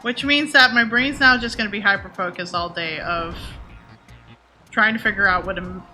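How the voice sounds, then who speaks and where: A woman's voice: medium pitch, moderate pace, bright, forceful tone, faint music behind. A woman game streamer chatting casually and answering her viewers by name. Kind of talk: casual chat while streaming.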